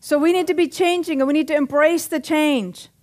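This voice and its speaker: Middle-aged lady preacher in church, pretty high voice, cracks jokes and keeps asking amen. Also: fairly even intonation, fairly quick, darkish tone. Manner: punchy, joking, calls for amens. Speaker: pastor. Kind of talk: sermon.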